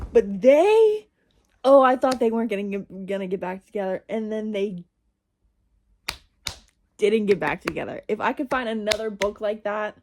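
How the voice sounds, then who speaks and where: Young woman, casual vlogger, slightly high voice, rambles and self-corrects. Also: darkish tone. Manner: rambling, self-interrupting, laughs at herself. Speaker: reading vlogger. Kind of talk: casual chatty monologue.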